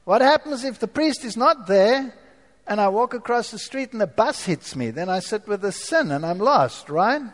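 A man giving a dramatic testimony to an audience, moving from quiet asides to forceful outbursts. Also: sits high, lively intonation, normal speed, big-room sound. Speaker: former professor giving a testimony.

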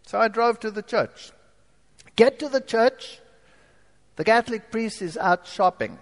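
High-voiced man telling a testimony. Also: animated, unhurried, long reverb tail. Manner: storytelling, dramatic shifts from quiet to forceful. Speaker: former professor giving a testimony. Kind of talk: testimony talk to an audience.

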